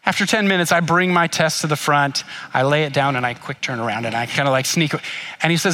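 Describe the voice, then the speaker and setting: A middle-aged man gives a sermon through a story from his own life. His voice is bright and somewhat high. He tells it with animation and drops to a near whisper for embarrassed asides. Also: quick pace. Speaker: pastor.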